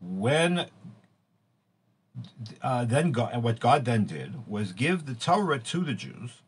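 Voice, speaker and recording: A man giving an informal lecture, halting often with fillers and restarts as he explains. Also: mid-range voice, sing-song, husky. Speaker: teacher.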